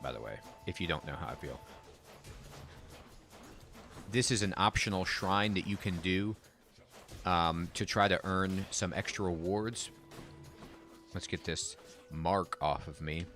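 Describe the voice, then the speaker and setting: A man with a very low, deep voice gives chatty gameplay commentary, reacting aloud as things happen on screen. Faint game music plays softly underneath. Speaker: game streamer.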